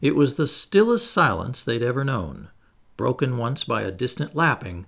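A man narrating a classic children's storybook aloud in an expressive, animated reading. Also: mid-range voice, normal speed, vocal fry. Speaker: audiobook narrator.

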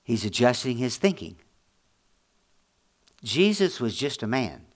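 A middle-aged man preaching a sermon as pastor, folksy and earnest, repeating his points and dropping low and quiet to press them home. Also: sing-song, a little slow.

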